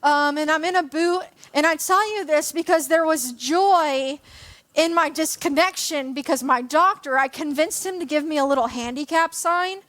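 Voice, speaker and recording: A woman's voice: sits high, normal speed, a bit bright. A woman in her twenties giving a church message, telling a personal story in a chatty, self-deprecating way with plenty of fillers. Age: 20s. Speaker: church speaker. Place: church hall.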